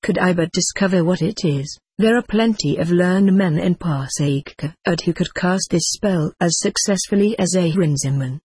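A reader voicing a vengeful, scheming queen in an audiobook, in slow, archaic, brooding speech. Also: medium pitch, darkish tone, breathy edge, no echo, natural voice. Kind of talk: audiobook character reading.

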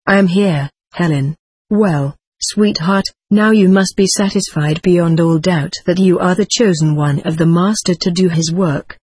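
A reader voicing Helen, a loving female spirit writing to her husband, reading channeled spirit letters aloud in a tender, measured way. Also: mid-range voice, a little mellow, breathy edge, no echo.

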